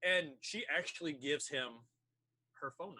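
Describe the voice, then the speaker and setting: Bright-voiced male game master. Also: on the high side, a little slow. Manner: casual, many fillers. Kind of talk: narrating a tabletop game.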